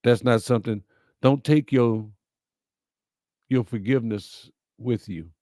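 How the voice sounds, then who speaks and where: A man's voice: mid-range voice, steady tone, a little slow, mellow, no room sound, studio quality. A middle-aged man, hosting a livestream, reading viewer comments and answering them in a folksy, heartfelt, preacherly way. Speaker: host of a live-streamed message show.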